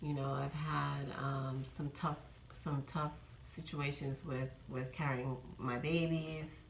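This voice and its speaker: A woman's voice: a bass voice, little pitch movement, slow pace, gravelly, echoey room, slight background noise, low-quality recording. A woman in her fifties from New York, chatting casually in a rambling vlog update with many ums. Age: 50s. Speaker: vlogger.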